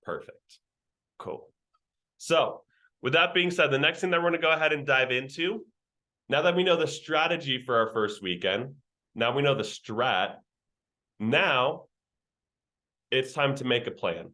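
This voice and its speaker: A young man runs a virtual sales training over a video call. His voice sits at an ordinary middle pitch. He talks in loose slang and ribs his trainees as he goes. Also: lively intonation, a little slow, pauses often, sharp tone. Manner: slangy, joking, teasing the trainees.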